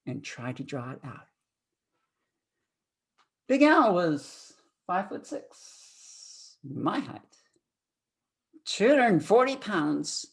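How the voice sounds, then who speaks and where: A man in his sixties giving a storytelling speech at a speaking club, animated, swinging from loud excitement to hushed tones. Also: sits high.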